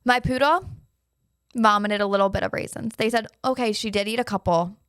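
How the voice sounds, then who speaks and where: A young adult woman hosting her own podcast, telling a story in a casual, animated way, swearing freely and acting out her panicked replies. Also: fairly high pitch, a little fast, clear, resonant tone, no room sound, studio quality. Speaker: podcast host. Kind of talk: casual solo podcast monologue.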